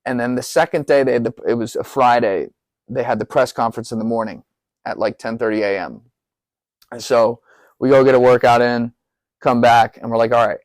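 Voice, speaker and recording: A man spins a long anecdote on a podcast, jumping up in pitch to act out his own panic and swearing as he goes. His voice sits in a middle register. The sound is dry and close. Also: a little fast, dry recording. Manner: animated, profane, acts out quotes with rising pitch. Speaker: podcast guest. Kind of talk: casual storytelling.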